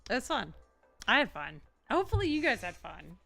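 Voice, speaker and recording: A woman's voice: a little high, big pitch swings, a little fast, creaky, bright, forceful tone, faint music behind. A woman streaming a game casually, rambling and chatting with her viewers. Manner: rambling, chatty, talks to chat. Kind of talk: casual gameplay livestream chat.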